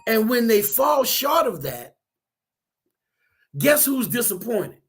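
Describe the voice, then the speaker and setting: High-voiced counselor guy on talk radio, stumbles over starts, storyteller. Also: very animated, slow, a bit bright, breathy edge. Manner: storytelling, acts out voices in a parable; repeats words when starting sentences. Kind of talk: radio talk show conversation.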